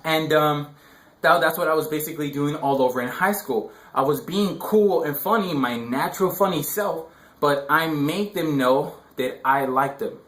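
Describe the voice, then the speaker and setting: A man's voice: fairly high pitch, moderate pace, a bit bright. Rambling young man, roomy echo. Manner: rambling, filler-heavy slang. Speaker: dating advice vlogger. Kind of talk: casual advice monologue.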